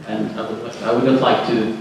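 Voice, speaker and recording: A man's voice: on the low side, flat delivery, gravelly. Earnest man in an echoey hall. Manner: earnest, halting with restarts. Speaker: panelist. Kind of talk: panel discussion. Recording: echoey hall, distant mic, some noise.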